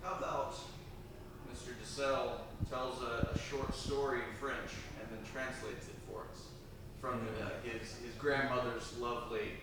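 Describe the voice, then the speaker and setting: A man's voice: mid-range voice, little pitch movement, a little slow. A man moderating a panel, asking thoughtful, hesitant questions. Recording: echoey, distant, noisy festival recording.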